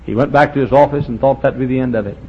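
A man preaching a fiery revival sermon, swinging from shouts to low quiet lines. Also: very fast, slightly rough. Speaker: pastor. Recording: dull lo-fi with faint hiss.

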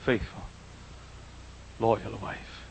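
An older man preaching a folksy sermon in a church, swinging from quiet asides to loud, drawn-out emphasis, with a husky voice. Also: a little hiss or hum, rough recording. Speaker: pastor. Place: church auditorium.

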